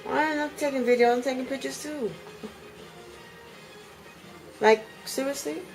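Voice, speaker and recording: Soft music plays in the background as a woman with a high-sitting voice vents angrily to the camera in her apartment. She speaks at a measured pace, repeating herself with heated indignation, on a rough recording.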